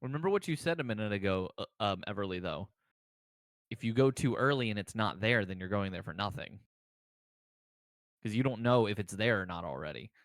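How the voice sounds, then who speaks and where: A man's voice: lowish voice, lively intonation, a little fast, no echo. A man narrating a tabletop game as game master, hesitant, with many ums and restarts.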